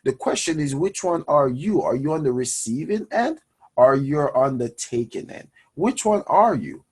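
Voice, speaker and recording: A man hosting a personal finance show, talking to his audience in an energetic, preachy way and calling them guys. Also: mid-range voice, normal speed, husky. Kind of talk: energetic motivational money talk.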